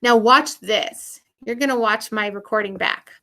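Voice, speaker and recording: An upbeat woman music teacher walks young children through an online lesson step by step. Her voice sits a little high and sounds bright and forceful, with patient, encouraging explanations. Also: measured pace.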